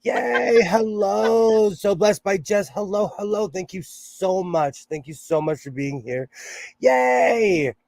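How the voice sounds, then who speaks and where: A man's voice: high voice, slow pace, gravelly, a little mellow, no echo. Upbeat West Coast man hosting a stream. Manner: upbeat, greets viewers by name. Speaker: livestream host. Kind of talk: casual livestream chat.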